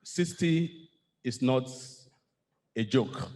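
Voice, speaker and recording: A man's voice: medium pitch, animated, very slow. A man hosting a church birthday celebration as master of ceremonies, upbeat and formal. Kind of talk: event hosting. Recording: echoey hall with faint noise.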